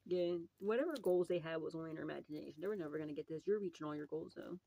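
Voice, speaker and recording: A woman's voice: deep voice, racing, vocal fry, dark tone, muffled recording. Foul-mouthed laughing woman reading tarot. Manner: profane, laughing often, rambling. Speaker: psychic tarot reader.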